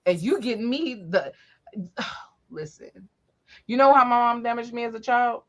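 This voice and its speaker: A woman host telling family stories in a casual, profane, animated way, jumping up high when she acts out quotes. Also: unhurried. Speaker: podcast host. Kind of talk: casual storytelling chat.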